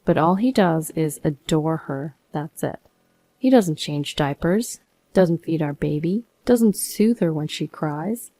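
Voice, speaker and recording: A woman's voice: low-pitched, expressive, slow, dark tone, no echo. A young woman narrating her own story in the first person, with an aggrieved, indignant tone.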